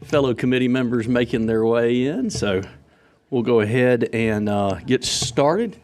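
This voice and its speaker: Guy chairing a senate committee, quick and polite, runs it smooth with a little joke here and there. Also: mid-range voice, darkish tone. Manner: brisk, courteous, lightly joking. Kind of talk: formal committee proceedings.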